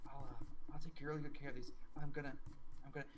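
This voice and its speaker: A man voicing an excitable little girl who gasps and squeals with excitement. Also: mid-range voice, quick pace, a little hiss or hum, natural voice, low-quality recording. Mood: eager.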